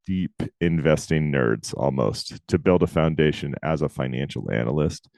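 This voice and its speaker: Male co-host, deep voice, emphatic casual delivery, dry recording. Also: creaky, darkish tone, no echo. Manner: talkative, emphatic, quick asides. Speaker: podcast co-host. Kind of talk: casual chat.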